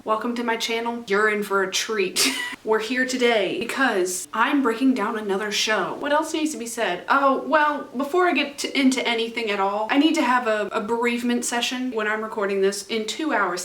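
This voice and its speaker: A woman's voice: a little high, a bit bright. A woman vlogging from a room at home, recapping a TV show in a rambling, casual way and often laughing at herself. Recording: roomy echo.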